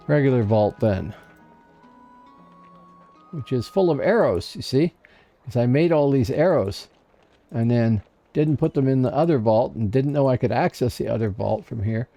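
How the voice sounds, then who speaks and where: A man's voice: medium pitch, animated, measured pace, gravelly, long pauses, warm tone, soft background music. A man casually commenting on his gameplay on a livestream, chatting to himself and to viewers in chat. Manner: chatty, talks to himself and chat while playing. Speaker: livestream gamer.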